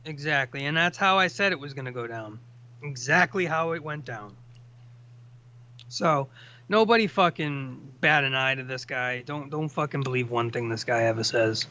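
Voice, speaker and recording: A man's voice: medium pitch, moderate pace, bright, forceful tone. Ranting man on a lo-fi stream. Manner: profane, fired-up ranting. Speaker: host. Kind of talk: casual chat. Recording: dull lo-fi sound.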